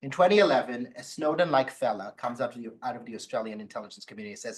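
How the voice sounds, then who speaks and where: A law professor giving an academic talk, telling stories with wry, playful asides. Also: male voice, mid-range voice, racing, few pauses, low-quality recording. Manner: lively storytelling with wry asides. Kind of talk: academic lecture.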